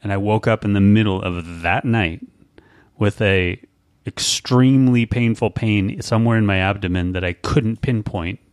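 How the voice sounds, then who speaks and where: A man hosting a podcast, talking in a rambling, halting way full of fillers and restarts. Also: on the low side, clear, resonant tone. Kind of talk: casual podcast chat.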